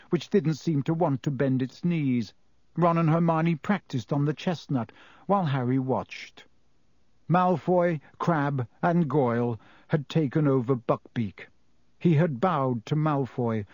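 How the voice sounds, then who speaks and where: Man, audiobook narrator, measured storytelling, slightly high voice, dry recording. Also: darkish tone, dry recording. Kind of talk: scripted narration.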